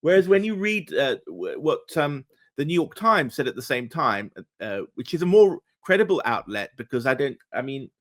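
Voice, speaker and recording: Animated man in political talk. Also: normal speed. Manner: animated, sarcastic, rising pitch when indignant. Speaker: commentator. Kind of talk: casual political discussion.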